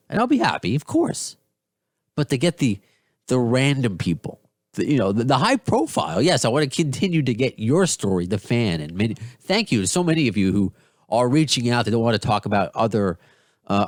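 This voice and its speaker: A man's voice: mid-range voice, no room sound, clean studio sound. Rambling, enthusiastic male podcast host. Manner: rambling, enthusiastic, many restarts. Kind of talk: casual podcast talk.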